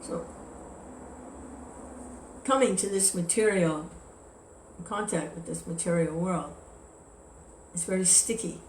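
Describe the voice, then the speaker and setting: A woman teaching a devotional scripture class, telling a story in a relaxed, chatty way. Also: on the low side, slow, pauses often, slight background noise. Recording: echoey room with faint ambience.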